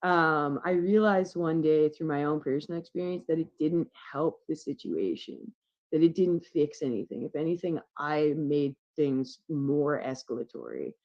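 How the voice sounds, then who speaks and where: A woman guest telling a candid story in casual chat, swearing freely and getting animated as she goes. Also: deep voice, moderate pace, dull audio. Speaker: podcast guest.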